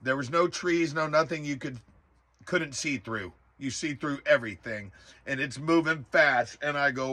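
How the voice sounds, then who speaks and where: A man telling a personal story in a casual, animated way, exclaiming often and filling pauses with "uh" and "um". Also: medium pitch. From rural area. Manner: animated, exclaims in bursts, many fillers. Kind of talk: casual spoken recollection.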